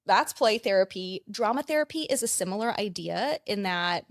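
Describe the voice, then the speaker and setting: Gravelly-voiced woman therapist explaining. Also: mid-range voice, expressive, moderate pace, dry recording, studio quality. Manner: explanatory, frequent "like" fillers. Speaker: counselor and play therapist, guest. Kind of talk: conversational interview.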